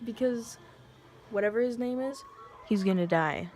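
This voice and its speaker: A young woman vlogging casually at home, telling a story with a sassy, profane, animated manner. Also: a little high, normal speed, slight background noise. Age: young adult.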